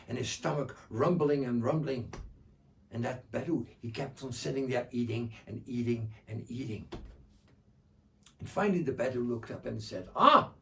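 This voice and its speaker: A man performing traditional folk tales as a storyteller, rhythmic and repetitive, often clearing his throat. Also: mid-range voice, darkish tone, a little hiss or hum. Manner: rhythmic, repeating phrases, frequent throat-clearing. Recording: distant mic.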